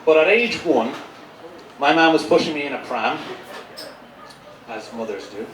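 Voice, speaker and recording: A man's voice: fairly high pitch, expressive, a little slow, fairly bright tone. A man performing a live stand-up set, sardonic and foul-mouthed, rambling through his stories. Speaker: stand-up comedian. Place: comedy gig venue, indoors. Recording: roomy, distant mic, crowd noise. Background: audience laughter.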